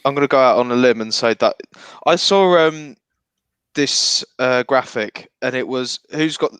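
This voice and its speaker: A man co-hosting a football podcast, thinking aloud in measured casual chat. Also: mid-range voice, a bit bright, clean tone, no echo. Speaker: podcast co-host.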